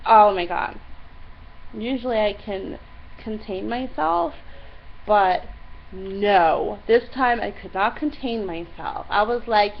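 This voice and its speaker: A young woman casually telling a diary-style story, retelling it with lively exasperation and quoting herself often. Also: mid-range voice, slow, gravelly. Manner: animated, exasperated retelling with many "I'm like" quotes. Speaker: vlogger. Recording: slightly dull lo-fi recording with faint hiss.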